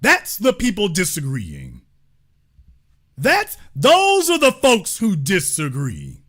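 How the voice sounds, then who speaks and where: Male call-in host, high and lively voice, bright edge; emphatic, mocking, repeats lines for punch. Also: slow. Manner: emphatic, mocking, preacher-like repetition. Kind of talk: live call-in show commentary.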